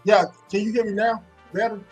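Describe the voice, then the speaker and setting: A man's voice: sits high, flat delivery, a little fast, husky, faint music behind, poor audio. A man calling into a live show, making a long, blunt argument built on an analogy. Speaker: caller. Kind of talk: call-in commentary.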